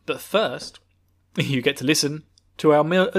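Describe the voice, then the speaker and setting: Rambling podcast host. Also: male voice, fairly high pitch, big pitch swings, a little slow, long pauses. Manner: rambling, laughing, self-interrupting. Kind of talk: casual chat.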